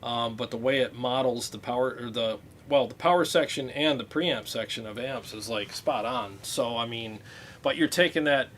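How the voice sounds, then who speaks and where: A man hosting a casual livestream, talking about guitar gear in a relaxed, rambling way with many fillers. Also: medium pitch, moderate pace, slight background noise.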